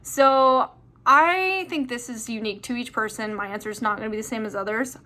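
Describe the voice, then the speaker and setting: A woman's voice: a little high, brisk, sharp tone. A young woman answering viewer questions in a chatty, rambling way with lots of fillers. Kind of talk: casual chat.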